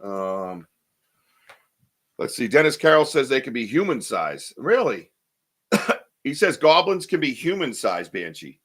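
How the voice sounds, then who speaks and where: A man hosts a loose live podcast and reads listener comments out loud. His voice is bright and forceful, and he rambles with plenty of ums and half-started sentences. The delivery stays casual and chatty throughout. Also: mid-range voice, sing-song, measured pace, long pauses. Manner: rambling, chatty, many fillers and restarts. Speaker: podcast host. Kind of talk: casual live-stream chat, reading viewer comments.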